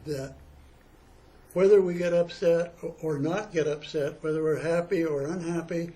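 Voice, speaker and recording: A man speaking in a measured, slightly halting way in a casual talk. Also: a little high, fairly even intonation, warm tone.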